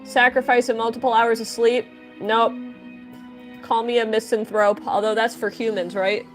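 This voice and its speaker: A woman's voice: a little high, level tone, normal speed, faint music behind. A woman chatting casually on a livestream, greeting viewers by name while she draws. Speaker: livestreaming artist.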